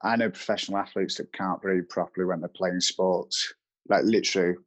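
A man's voice: sits low, steady tone, brisk. A man, a fitness trainer giving practical advice step by step in a casual chat. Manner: explains step by step with practical rules.

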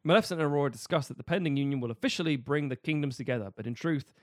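A man co-hosting a podcast, casually pitching a story and joking with swearing. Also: dry recording, clean studio sound. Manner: fast, jokey, slips into silly voices for characters. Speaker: podcast co-host pitching a sequel.

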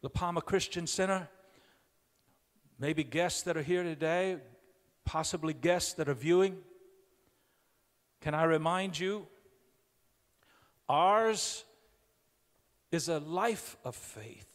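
A middle-aged man preaching a sermon as a pastor in a church, moving from storytelling to loud, emphatic preaching. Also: on the high side, takes it slowly, long pauses. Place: church sanctuary. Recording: long hall reverb.

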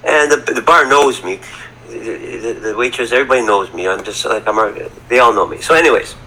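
A man's voice: mid-range voice, brisk, pushed and bright, rough recording. A middle-aged man telling a story as a podcast guest, rambling and repeating words, from Canada. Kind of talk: casual storytelling. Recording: faint background ambience.

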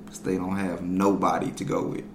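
A man's voice: low-pitched, flat delivery, moderate pace, vocal fry. A teasing man co-hosting a casual podcast, heckling his partner with slangy jokes. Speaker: podcast co-host. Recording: echoey room with faint noise.

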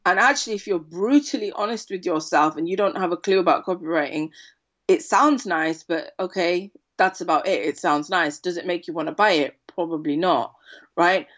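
A woman's voice: on the low side, moderate pace, muffled recording. A woman copywriter guest chatting casually in an interview, telling stories with lots of "right?" tags. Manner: animated storyteller, frequent "right?" tag questions.

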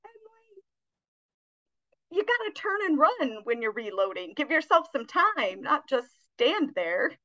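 A woman's voice: high-pitched, very animated, measured pace, fairly bright tone, muffled recording. A woman co-hosting a podcast, chatting and giggling about a movie with blunt opinions. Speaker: podcast co-host. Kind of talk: casual movie review chat.

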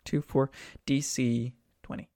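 A man's voice: medium pitch, level tone, a little slow, warm tone, dry recording, studio quality. A man narrating a tabletop game as game master, loose and hesitant, with lots of fillers.

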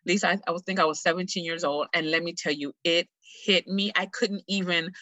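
A middle-aged woman speaking as a guest, telling a personal story in an earnest, heartfelt, animated way. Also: on the low side, a little fast, no room sound, poor audio.

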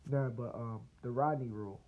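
Male podcast host, casual profane rambler, phone-quality audio. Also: medium pitch. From United States. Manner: loose, profane and rambling, with laughs and restarts. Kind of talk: casual solo podcast rant. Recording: tinny phone-like line.

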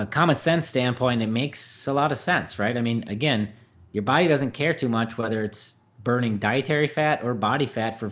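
A middle-aged man answering interview questions as a diet coach, rambling with lots of fillers and restarts. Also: mid-range voice.

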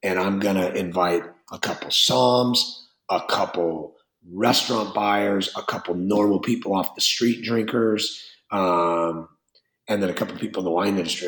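A very low-voiced man speaking as a winemaker in an interview, blunt and rambling, swearing offhandedly as he goes. His voice rings in a roomy, echoey space. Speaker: winemaker and wine business owner. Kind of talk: interview conversation. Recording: roomy echo.

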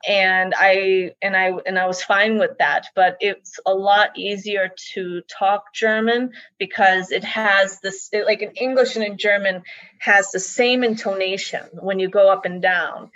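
A woman's voice: mid-range voice, fairly even intonation, measured pace, fairly bright tone, no room sound. Woman, hesitant and reflective. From United States. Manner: hesitant, many restarts and likes, reflective. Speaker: interview guest. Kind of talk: casual conversational interview. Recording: dull, slightly muffled dry sound.

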